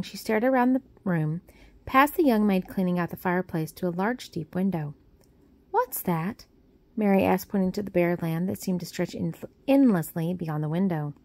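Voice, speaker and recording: A woman narrating a storybook in a steady, even storytelling manner. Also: fairly low pitch, dry recording. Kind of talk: storybook reading.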